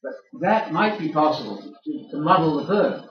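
A church audience in a large room hears an older man give a sermon-style lecture, playfully quizzing them as he speaks. His voice is fairly high and expressive, moving at a normal speed, while the recording sounds dull, echoey and distant from the mic.

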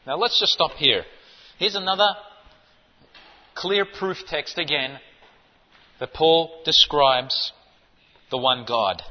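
A man's voice: a little high, slow pace, pauses often. Emphatic male preacher in a reverberant hall. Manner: emphatic, insistent, rhetorical questions. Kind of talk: sermon. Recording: dull muffled sound with long hall reverb.

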